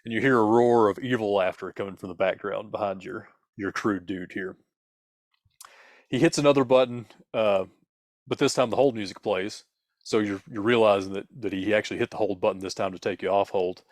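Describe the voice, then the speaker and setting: Low-voiced man spinning a spooky tale. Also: fairly even intonation, fairly quick, dry recording, clean studio sound. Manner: playful, dramatic, with fillers. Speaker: podcast co-host telling a story. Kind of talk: spooky second-person storytelling.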